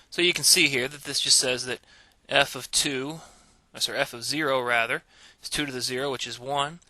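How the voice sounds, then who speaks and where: A man teaching a recorded math lecture, explaining patiently and slowing down to stress key terms. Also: medium pitch, bright, forceful tone, no room sound. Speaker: math instructor.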